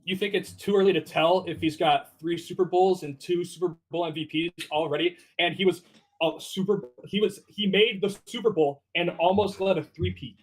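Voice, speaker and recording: A man's voice: high-pitched, fairly even intonation, normal speed, rough recording. A man arguing insistently in a casual live podcast debate, repeating his key points. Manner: insistent, repetitive.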